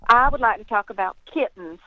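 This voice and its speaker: A woman from North Carolina with a Southern accent, calling in to a talk show and speaking in a deliberate, measured way. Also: a little high, animated, slight background noise. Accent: Southern American. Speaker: caller. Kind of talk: phone-in call. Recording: dull phone line.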